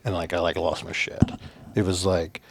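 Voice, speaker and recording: A man's voice: sits low, little pitch movement, normal speed, creaky, a little hiss or hum. A man from a Navajo reservation, a podcast guest, telling stories in a rambling casual way with lots of fillers and cursing. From Navajo reservation, United States. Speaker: podcast guest, former soldier. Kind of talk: casual storytelling.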